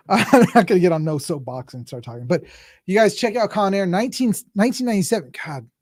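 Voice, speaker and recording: Chatty man in his forties, slightly high voice. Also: sing-song, normal speed, dry recording, studio quality. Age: 40s. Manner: rambling, jokey, with many restarts and asides. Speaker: podcast host. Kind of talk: casual movie chat.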